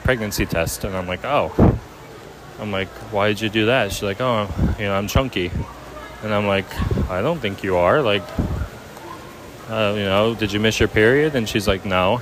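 A young man telling a personal story casually, halting with many fillers. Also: lowish voice, background noise. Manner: halting, many ums and likes. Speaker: vlogger.

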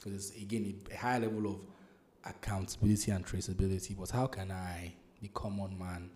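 A man hosting a casual podcast discussion, animated and prone to repeating and restarting his phrases. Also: deep voice, brisk, slightly rough. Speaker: podcast host.

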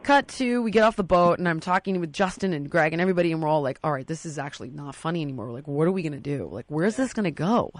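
A woman's voice: low-pitched, racing, hardly any pauses, dry recording. A woman telling a story in casual podcast talk, acting out the quotes with lots of energy. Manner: animated, acts out quotes.

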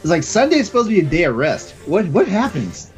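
A man's voice: high voice, huge pitch swings, a little fast, faint music behind, poor audio. A man co-hosting a casual podcast, laid-back and laughing along. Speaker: podcast co-host.

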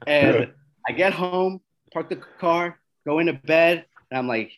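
A man's voice: fairly high pitch, a little slow. Man, casual storyteller, stumbles and repeats himself, self-mocking laughs. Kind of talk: casual podcast chat.

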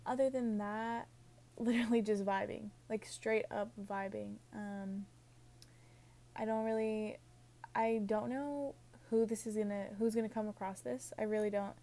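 A woman's voice: mid-range voice, fairly even intonation, unhurried, warm tone. Rambling Valley-girl-sounding young woman. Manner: Valley-girl-like, says "like" and "literally" constantly; laughs at her own jokes. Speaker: podcast host. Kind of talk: casual rambling podcast monologue.

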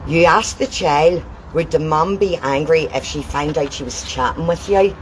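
A woman's voice: low voice, normal speed. Woman, confronting and accusing, recorded on a noisy street. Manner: accusing, interrogating. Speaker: confronting vigilante. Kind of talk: heated confrontation.

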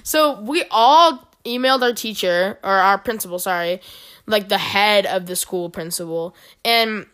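A woman's voice: mid-range voice, a little slow, a bit bright, clean tone. A teenage girl telling school stories in casual chat, rambling and giggling. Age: teens. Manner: rambling, giggly, restarts a lot.

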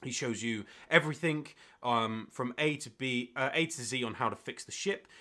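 A man's voice: medium pitch, moderate pace, bright, forceful tone. A man narrating as game master in a tabletop role-playing game, rambling with many fillers.

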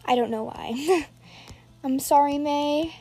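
A woman's voice: high-pitched, takes it slowly, dark tone, soft background music. A woman giving live, rambling commentary while playing an online game, nervously narrating every move aloud.

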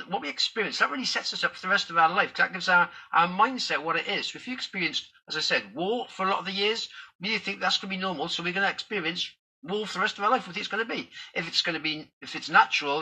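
Man, vlogger, rambling casual talk, quick delivery, husky edge. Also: sits high, sharp tone, poor audio. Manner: rambling, thinking aloud.

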